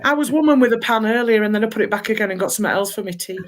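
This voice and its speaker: A woman's voice: a little high, racing. A woman, co-hosting a podcast and chatting in a wry, easygoing way. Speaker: podcast co-host. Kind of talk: casual chat.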